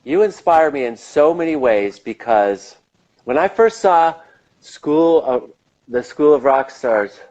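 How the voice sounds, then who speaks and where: A man's voice: a little high, animated, takes it slowly, darkish tone, muffled recording. A man being interviewed in a casual chat, talking in a rambling, enthusiastic way and swearing now and then. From United States. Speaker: interview guest.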